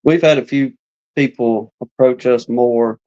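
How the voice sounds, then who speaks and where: Flat-voiced musing beekeeper man. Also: mid-range voice, unhurried. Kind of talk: casual live-stream chat. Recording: dull lo-fi stream audio.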